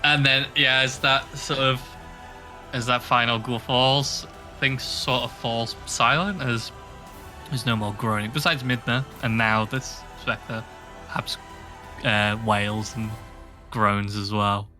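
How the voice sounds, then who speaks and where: Man, game master, halting narration, bright tone, faint music behind. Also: mid-range voice, steady tone. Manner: hesitant, filler-heavy narration.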